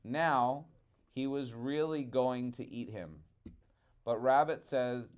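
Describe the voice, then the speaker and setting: Male teacher reading a storybook to kids, expressive with chatty asides, slow pace, smooth clear voice. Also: mid-range voice. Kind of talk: reading a storybook aloud to children.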